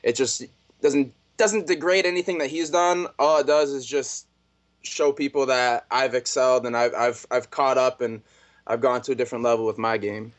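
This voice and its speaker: A man in an interview, telling stories in a laid-back, animated way over a video call. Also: medium pitch, moderate pace. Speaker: fighter guest. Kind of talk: casual storytelling interview.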